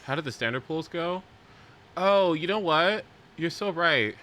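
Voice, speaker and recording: A young man live-streaming a video game in casual chat, swearing often and swinging from mumbles to shouts. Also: fairly high pitch, expressive, unhurried, a little hiss or hum.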